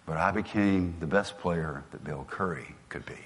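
A man's voice: low-pitched, normal speed, husky, big-room sound. An older man with a Southern US accent giving a motivational speech, telling folksy stories and dropping to a near whisper for emphasis. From American South. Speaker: motivational speaker.

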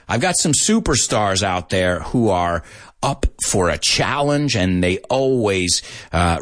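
A husky-voiced man leads a lively English lesson, his pitch swinging up and down as he jokes with his students. He spells words letter by letter and drops in Spanish translations, sounding a little out of breath from talking fast. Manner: energetic, joking, mixes in Spanish translations. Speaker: English teacher. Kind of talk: live-stream English lesson.

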